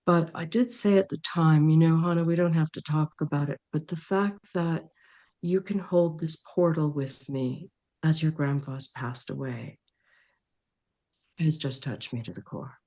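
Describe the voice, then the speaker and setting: Animated middle-aged woman telling a story. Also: sits low, a little slow, muffled recording. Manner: animated storyteller, acts out dialogue, laughs often. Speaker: podcast guest, dream worker. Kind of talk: storytelling in an interview.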